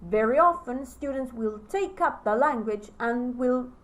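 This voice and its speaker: A Spanish-speaking woman delivers a recorded lecture on teaching in English. Her voice sits a little high, and she moves at an unhurried pace. She pauses often between phrases, like a teacher letting each point settle. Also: lively intonation, poor audio. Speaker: teacher trainer.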